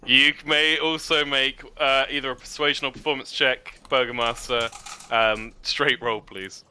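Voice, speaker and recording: A man narrating and running a tabletop role-playing game in a relaxed, chatty way. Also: mid-range voice, a little slow, slight background noise. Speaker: game master.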